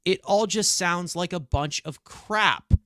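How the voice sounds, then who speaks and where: A man's voice: high-pitched, slow, pushed and bright, no room sound, studio quality. Frustrated ranting man with a New York accent. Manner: frustrated ranting, swears often. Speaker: podcast co-host. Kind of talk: heated sports reaction talk.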